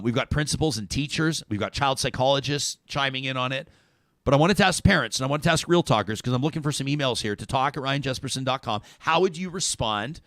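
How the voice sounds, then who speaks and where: A man's voice: medium pitch, a bit bright, dry recording, clean studio sound. A man in his thirties hosting a talk show, chatting casually and joking, rambling with restarts. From Canada.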